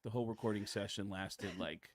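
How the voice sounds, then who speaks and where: A middle-aged man, a comedian and voice actor, telling stories in an interview, excitable and acting out the voices of people in them. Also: on the low side, brisk, no echo, clean studio sound. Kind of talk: casual interview storytelling.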